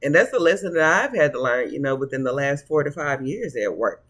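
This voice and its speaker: A man's voice: mid-range voice, animated, a little fast, fairly bright tone. A man giving a casual tarot reading to camera in a sassy, preachy way. He calls his listeners honey and baby and laughs often. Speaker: tarot reader.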